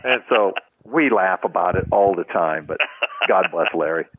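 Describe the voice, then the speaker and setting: Animated older man telling baseball stories. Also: deep voice, normal speed, breathy edge, phone-quality sound. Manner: animated storyteller acting out quotes, laughs often. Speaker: retired baseball head trainer, guest. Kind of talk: casual storytelling in a podcast interview.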